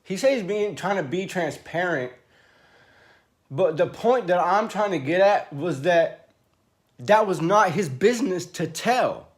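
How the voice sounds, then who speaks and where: A man venting in a rambling, profane monologue to camera from a small room, swinging between loud rants and low mumbling. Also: animated, unhurried.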